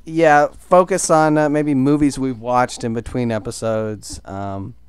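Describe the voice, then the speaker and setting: A man's voice: medium pitch, steady tone, a little slow, clear, resonant tone, dry recording. A man co-hosting a movie podcast, rambling and hesitant in casual chat. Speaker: podcast co-host.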